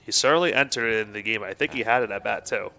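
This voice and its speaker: Dude doing color commentary on baseball, easygoing, bit low, bright voice. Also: male voice, fast talker, creaky. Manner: relaxed, conversational analysis.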